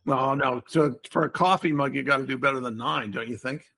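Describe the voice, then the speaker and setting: A man's voice: mid-range voice, fairly quick, vocal fry, pushed and bright, slightly rough. An older man hosting a casual podcast chat, explaining word games in a playful, wordy way. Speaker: podcast host.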